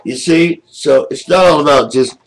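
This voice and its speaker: An older man ranting angrily to his camera from home, indignant and aggrieved, with a husky voice. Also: fairly high pitch, normal speed, low-quality recording. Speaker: video blogger. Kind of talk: angry webcam rant. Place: home, seated in a wheelchair.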